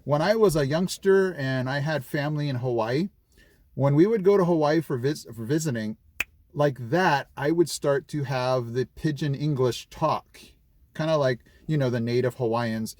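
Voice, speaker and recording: A man's voice: medium pitch, moderate pace, darkish tone, no room sound. A middle-aged man from California chatting casually in a vlog, rambling with lots of fillers and restarts. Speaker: vlogger.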